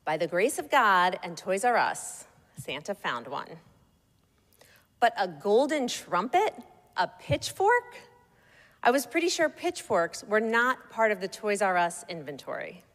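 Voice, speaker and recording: A woman reading her own personal essay aloud in a wry, measured storytelling manner. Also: mid-range voice, sing-song, fairly bright tone. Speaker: narrator. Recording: long echoey reverb.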